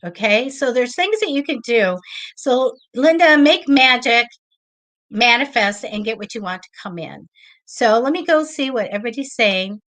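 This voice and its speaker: A middle-aged woman hosting a live psychic show, chatting casually and telling excited stories with lots of acted-out quotes. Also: fairly high pitch, normal speed. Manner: chatty storyteller, lively and excitable, acts out quoted voices. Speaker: psychic reader and show host. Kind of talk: casual live-stream chat.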